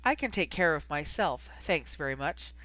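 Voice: mid-range voice, animated, moderate pace, pushed and bright, no room sound. A reader voicing a feisty, teasing young woman who talks back defiantly, in an audiobook reading.

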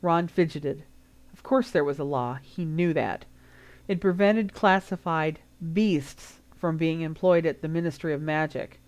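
A woman reading fan fiction aloud as an audiobook, steady and unhurried. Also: on the low side. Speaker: audiobook reader.

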